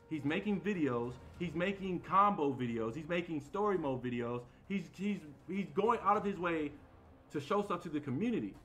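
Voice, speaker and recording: Male streamer, loud talker with a forceful, tense voice pitched a bit high, heated rant, faint game music behind. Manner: heated, defensive, sets the record straight. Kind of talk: live-stream rant while playing.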